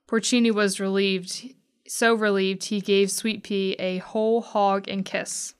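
A woman reading a children's mystery story aloud to a class, slow and careful, stammering out the scared characters' lines. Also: mid-range voice, flat delivery, a bit bright, clean tone. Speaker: guest reader.

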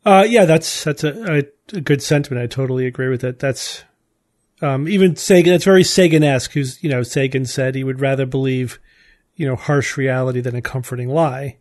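A man's voice: mid-range voice, brisk, a little mellow. A man hosting a podcast, explaining things in casual panel chat and often restarting his sentences. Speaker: podcast host.

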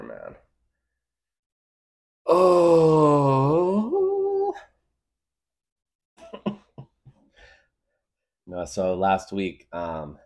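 Deep-voiced rambling comic guy. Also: dark tone. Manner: rambling, heavy on filler words, jokey exaggeration. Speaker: podcast guest, craft beer guru. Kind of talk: casual comedic monologue.

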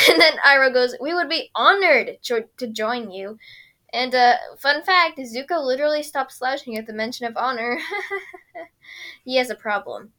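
A woman's voice: a little high, bright, forceful tone. A young woman casually recapping a cartoon episode, giggling often and briefly mimicking the characters.

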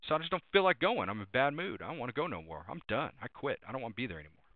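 A man's voice: mid-range voice, sing-song, racing, no room sound. Emphatic preacher man on tinny line. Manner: emphatic, repeats refrains and cites verses. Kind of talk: sermon. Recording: tinny phone-like dry sound.

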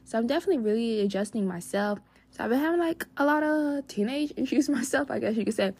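A woman's voice: a little high, expressive, fast talker, darkish tone, husky. Bubbly young woman hosting a podcast. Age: young adult. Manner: bubbly and gushing, heavy on endearments and fillers. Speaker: podcast host. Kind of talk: casual advice podcast.

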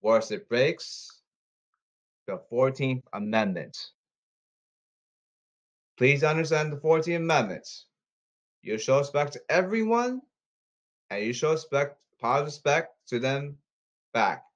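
A man podcasting alone in a repetitive, halting, pleading monologue. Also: mid-range voice, big pitch swings. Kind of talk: rambling solo monologue. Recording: slightly dull lo-fi audio.

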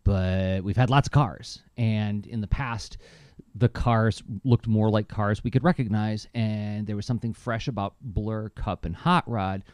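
Animated man, mellow dry voice. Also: unhurried, clean tone, no echo. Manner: animated, enthusiastic storyteller with lively pitch jumps. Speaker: podcast co-host. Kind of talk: casual chat.

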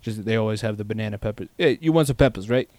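A man's voice: on the low side, rapid-fire, a little mellow, no echo. Laid-back man chiming in on a podcast. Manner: laid-back, chiming in with short teasing remarks. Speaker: podcast co-host. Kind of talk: casual chat.

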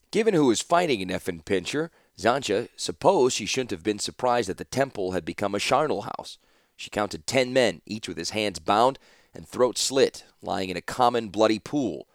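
A man narrating a fantasy audiobook in a dramatic, expressive storytelling manner. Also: lowish voice, no echo, studio quality.

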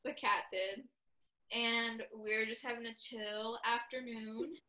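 A young woman chatting casually with a friend, telling an animated story, laughing often and saying "like" a lot. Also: on the high side, measured pace. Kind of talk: casual chat.

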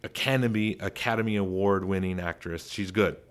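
A man hosts his own commentary show in a fairly low voice. He talks in a casual, chatty way and puts strong emphasis on his opinions. He sounds animated and speaks freely. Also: brisk, smooth. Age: adult father. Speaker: commentary host.

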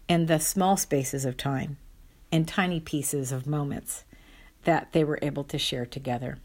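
A woman's voice: low-pitched, a little mellow, husky. A woman telling a personal family anecdote with wry, fond humor and playful asides. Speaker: storyteller.

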